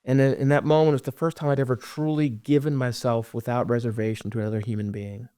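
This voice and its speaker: A middle-aged man telling his own story as a podcast guest, earnest and halting, often dropping to a hush. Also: mid-range voice, little pitch movement, clear, resonant tone, dry recording, clean studio sound. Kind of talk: personal storytelling.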